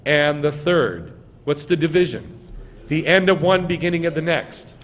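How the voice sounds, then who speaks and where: A man's voice: a little high, normal speed. A man, a rabbi giving a sermon, who quizzes his congregation and answers his own questions with emphatic stress. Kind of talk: sermon teaching. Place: synagogue sanctuary. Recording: long reverb in a hall.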